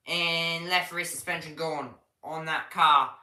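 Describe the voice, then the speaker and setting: A woman's voice: low-pitched, steady tone, a little slow, pauses often, sharp tone, roomy sound, low-quality recording. A young woman giving casual live race commentary on a stream, chatting to viewers and reading the chat between calls.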